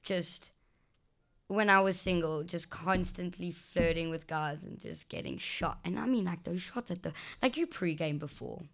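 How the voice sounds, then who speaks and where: A young woman from South Africa co-hosting a casual chat, telling animated stories with lots of fillers and restarts. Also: on the low side, normal speed, gravelly. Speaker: podcast co-host.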